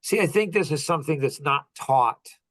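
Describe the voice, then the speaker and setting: A man's voice: on the high side, lively intonation, moderate pace, fairly bright tone, no echo. A middle-aged man hosting a podcast, telling a personal story in an earnest, heartfelt way, often restarting his sentences. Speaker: podcast host.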